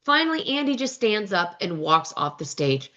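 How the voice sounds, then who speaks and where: A woman hosting a casual commentary show, recapping a reality TV episode in an animated way and acting out the lines she quotes. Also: mid-range voice, normal speed, highs cut off. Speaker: host. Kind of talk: pop culture recap commentary.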